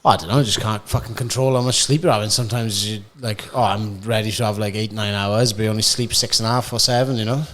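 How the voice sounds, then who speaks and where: A man's voice: on the low side, steady tone, quick pace, few pauses, a bit bright. A young man co-hosting a podcast, rambling with fillers and frequent swearing in casual chat. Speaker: podcast co-host.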